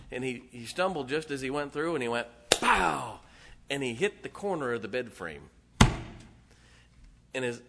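A middle-aged man, a pastor telling a folksy, animated story to his congregation with laughs and asides. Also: on the high side. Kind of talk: storytelling sermon. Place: church sanctuary.

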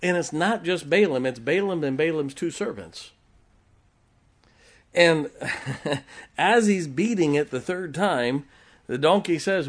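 A man's voice: on the high side, expressive, takes it slowly, pauses often. A man preaching a sermon, retelling a Bible story in a folksy way and chuckling often as he goes.

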